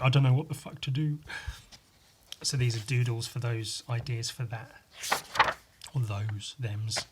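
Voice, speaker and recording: A man talking loosely on his solo podcast, meandering from thought to thought as he shows off old sketchbook pages. He swears casually and slips into playful asides. His voice sits at an ordinary middle pitch for a man. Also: a bit bright. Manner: rambling and chatty, swears freely, goes off on silly asides. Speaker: podcast host. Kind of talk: casual solo chat while flipping through sketchbooks.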